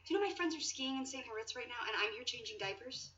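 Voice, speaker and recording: An actress playing a breezy young woman who jokes her way through babysitting in a sitcom, with quick flustered cover-ups. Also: on the high side, expressive, sharp tone. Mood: joking. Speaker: sitcom character changing a baby's diaper. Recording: muffled, distant sitcom clip audio.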